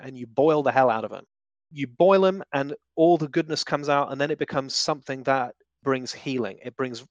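A man's voice: mid-range voice, dry recording. A man guest giving conversational theological teaching, emphatic and full of vivid examples with shifting inflection.

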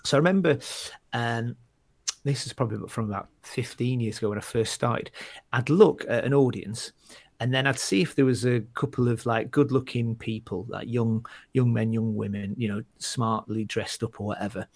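A man's voice: mid-range voice, normal speed, creaky, darkish tone, dry recording. A male stand-up comedian chatting casually, rambling with many restarts and fillers as he tells stories. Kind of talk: casual chat.

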